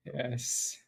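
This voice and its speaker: A man with a fairly high, mellow voice hosts a live stock trading stream. Loose and rambling, he comments on the market, takes viewers' questions by name, and frequently begins his sentences again.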